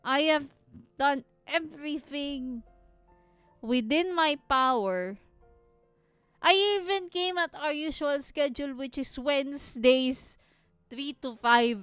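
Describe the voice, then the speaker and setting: A woman's voice: sits high, slow pace, a bit bright, dry recording, faint music behind. A young Filipino woman hosting a podcast, venting candidly and swearing often as she switches between Tagalog and English. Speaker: podcast host. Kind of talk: candid personal monologue.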